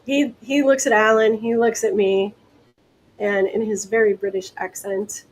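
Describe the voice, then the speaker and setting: A woman from the American Deep South, a guest hypnotist telling stories in a casual interview, chatty and quick to laugh. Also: slight background noise, poor audio. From Deep South, United States. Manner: chatty, laughs often, lively asides.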